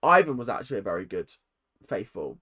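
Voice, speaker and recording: A man's voice: lowish voice, big pitch swings, a little fast, bright, forceful tone, breathy edge. A young man recapping a reality show episode on his vlog, opinionated and rambling, drifting off on tangents and sounding tired. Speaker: reaction vlogger.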